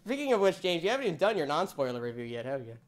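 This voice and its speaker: A man's voice: on the high side, big pitch swings, racing. Young man hosting a casual review chat. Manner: laughs often, loose and joking. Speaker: host.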